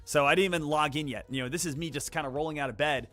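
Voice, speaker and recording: A man chats loosely through a live day trading stream, wandering through fillers and asides. His voice sits a little high and comes across bright and forceful. Faint music plays underneath. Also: rapid-fire. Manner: rambling, animated, many fillers. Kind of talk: casual live-stream chat.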